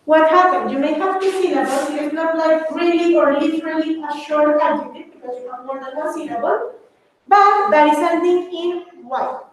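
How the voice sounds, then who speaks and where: A woman whose first language is Spanish teaching an English grammar class, mixing Spanish into her explanations and calling her students babies. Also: high-pitched. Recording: echoey room, far from mic, faint noise.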